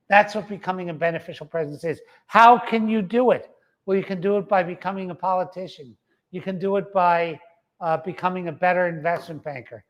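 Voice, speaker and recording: A middle-aged man delivers a motivational talk in a fairly high voice. He speaks emphatically, repeats key phrases for weight and punctuates his points with a quiet "uh-huh".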